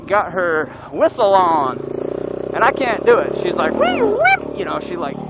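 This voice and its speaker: Man motovlogger on a trail bike, high and very lively voice with a gravelly edge, engine and wind noise in the mic. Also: moderate pace. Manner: animated, whoops and yells while riding. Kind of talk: storytelling while riding. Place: outdoors on an off-road motorcycle trail.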